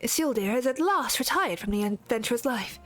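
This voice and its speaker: An eager, earnest recruit played by a woman speaks in a put-on British accent. The phrasing is formal and old-fashioned, and the voice sits slightly high. Faint music plays under it. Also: animated, brisk.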